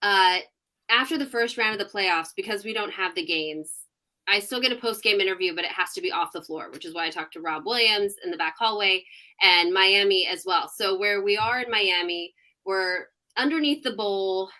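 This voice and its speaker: A woman in her thirties, a sports reporter, chats as a podcast guest with a bright, forceful tone. She tells her stories with animated energy and laughs often along the way. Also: medium pitch, moderate pace. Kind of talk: casual podcast interview.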